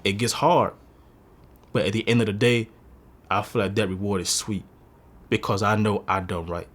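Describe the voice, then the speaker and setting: Deep-voiced man in his twenties, confessional. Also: steady tone, normal speed. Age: 20s. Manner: earnest, confessional, emotional. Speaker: interviewee sharing a personal story. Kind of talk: candid personal testimony.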